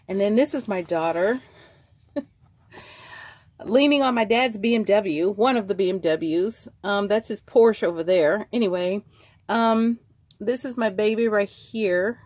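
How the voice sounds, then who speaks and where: A middle-aged woman in casual show-and-tell chat, rambling warmly and drifting into tangents. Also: medium pitch, no echo. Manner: chatty, rambling, trails off into tangents. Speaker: vlogger selling vintage craft supplies.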